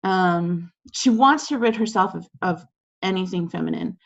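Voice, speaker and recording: A woman's voice: on the low side, normal speed, creaky, muffled recording. A woman teacher talking a class through quiz questions over a video call in a casual, chatty way, with lots of fillers and acted-out quotes.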